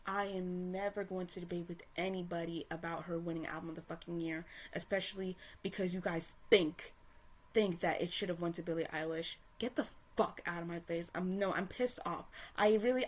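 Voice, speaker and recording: A woman's voice: lowish voice, steady tone, normal speed. A woman ranting to camera in a casual, heated and profane way, stumbling and restarting often. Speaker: commentator. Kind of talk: casual opinion rant to camera.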